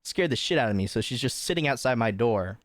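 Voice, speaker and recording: A man's voice: medium pitch, quick pace, no echo. Chatty young man telling a story on stream. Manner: chatty, swearing, animated retelling with many fillers. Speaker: livestream host. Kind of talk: casual storytelling to a live chat.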